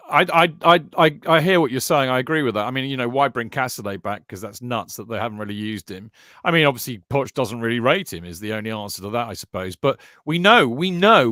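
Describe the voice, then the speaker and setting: On a football podcast, this co-host banters animatedly with his friends, often restarting sentences with a stammer and addressing them as mate. His voice is mid-range, captured dry and at studio quality.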